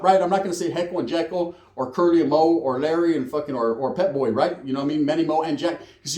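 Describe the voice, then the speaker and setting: A man's voice: a little high, fast talker, hardly any pauses, dark tone, reverberant. A man telling a prison story in casual slangy street talk with Spanish words, acting out the other people's lines.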